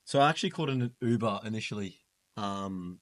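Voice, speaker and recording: A man's voice: fairly low pitch, animated, fairly quick, no room sound. A man telling a travel story in a casual chat among friends, acting out bits of it with laughs. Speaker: guest. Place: indoors, holiday flat.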